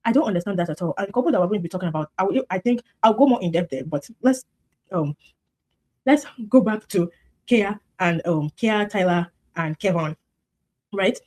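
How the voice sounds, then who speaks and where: A woman comments casually on a reality dating show. She talks in an animated, gossipy way at a mid pitch and circles back to repeat her points. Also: fairly quick.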